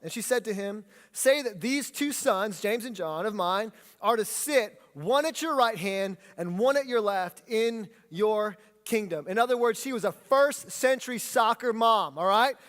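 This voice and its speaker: A pastor delivers a sermon in a lively, animated style, calling on the congregation to speak lines back with him. His voice sits high for a man, and it carries through a hall with long reverb. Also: measured pace, hardly any pauses. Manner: animated preaching, leads congregation in call-and-response. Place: church sanctuary.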